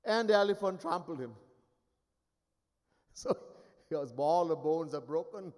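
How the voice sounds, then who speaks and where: A man's voice: on the high side, expressive, measured pace, a little mellow. A man giving a sermon as a spiritual teacher. He tells stories in an emphatic, wry way. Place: ashram hall. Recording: long hall reverb.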